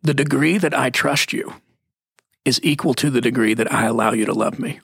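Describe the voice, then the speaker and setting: A middle-aged man talking about faith in an emphatic, preachy way, slowing down to stress key words. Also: medium pitch, vocal fry, a bit bright, husky, no echo, studio quality. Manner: emphatic, preachy, drops into slow stressed phrases. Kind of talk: conversational Christian teaching.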